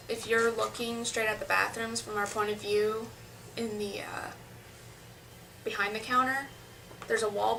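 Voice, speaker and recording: A woman's voice: mid-range voice, vocal fry, pushed and bright, far from the mic, slight background noise, rough recording. A young woman telling a story to her camera in a chatty, rambling way, often restarting her sentences. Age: young adult. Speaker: vlogger.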